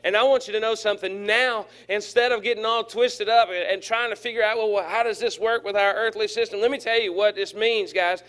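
A fairly high-voiced man preaches to his congregation. His delivery is folksy and playful, and he slips into quick voices for the figures in his stories. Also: fairly even intonation, fairly bright tone. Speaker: pastor. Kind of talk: sermon.

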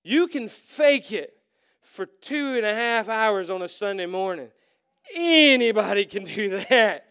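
A middle-aged man preaching a sermon as a pastor, animated and self-deprecating, acting out quoted lines as he tells stories. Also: high-pitched, measured pace, clean tone.

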